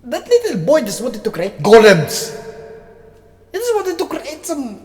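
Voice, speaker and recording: A high-pitched man plays award-show announcer for his anime picks, drawing out his words slowly and bursting into shouts between muttered asides. His voice rings with a long reverb, and music plays clearly underneath. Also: huge pitch swings. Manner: hyped, theatrical, with sudden shouts and mutters. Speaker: anime reviewer.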